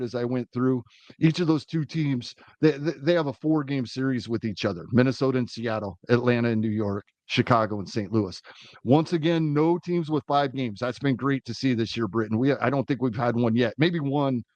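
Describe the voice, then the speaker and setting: A man's voice: mid-range voice, dry recording. Midwestern male podcast co-host, methodical delivery, dry sound. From US Midwest, Iowa-Nebraska border. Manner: steady, methodical run-through of schedules. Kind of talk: fantasy baseball podcast chat.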